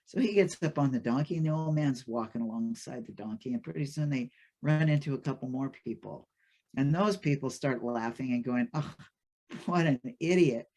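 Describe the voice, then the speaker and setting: A man telling a folk fable in an informal lecture, chatty and halting, with many fillers and restarts. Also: medium pitch, dark tone. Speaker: storyteller and lecturer.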